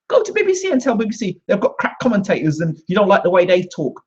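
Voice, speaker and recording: His high voice swoops wildly in pitch as he rushes along with hardly a pause, a breathy edge on it. The British host rants combatively and indignantly to camera on his own channel, repeating himself, in dull lo-fi audio.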